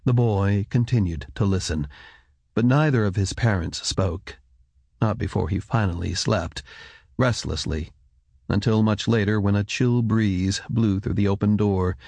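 Gravelly, husky male audiobook narrator. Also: lowish voice, a little mellow, no echo. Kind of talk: scripted narration.

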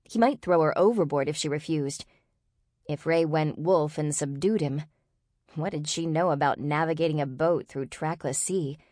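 Low-voiced woman narrating an audiobook. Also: moderate pace, a little mellow, no echo, studio quality. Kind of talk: scripted narration.

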